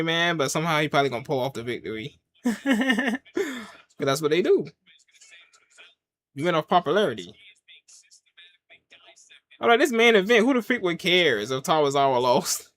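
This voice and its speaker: Animated man reacting live to wrestling. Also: fairly quick, pauses often, no room sound. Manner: animated, swings from loud excited yelps to low mutters; casual slang, talks to himself and the chat. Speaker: wrestling watch-along reviewer. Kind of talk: casual live reaction commentary.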